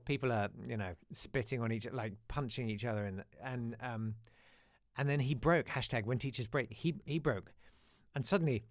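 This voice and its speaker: A man's voice: mid-range voice, normal speed, dry recording, studio quality. A man hosting a live show, chatting casually, reading listener emails and telling stories with asides and restarts. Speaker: host.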